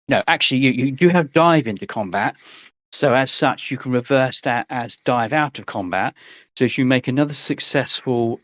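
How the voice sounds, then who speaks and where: A man's voice: on the low side, fairly bright tone, no room sound. Game master voice, male, hesitant ums, dry muffled online call. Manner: hesitant, full of ums and rule checks. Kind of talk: narrating a tabletop game. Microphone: voice call headset. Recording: dry, slightly dull online call audio.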